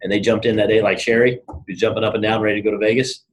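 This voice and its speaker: A man, giving an energetic, casual motivational talk to his team and telling stories. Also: fairly low pitch, racing, muffled recording, a little hiss or hum. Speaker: network marketing team leader.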